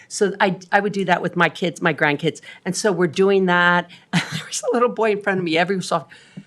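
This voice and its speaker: A woman's voice: fairly low pitch, fairly quick. A woman in her sixties on the city council, giving a rambling, chatty report full of ums at a council meeting. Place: council chamber.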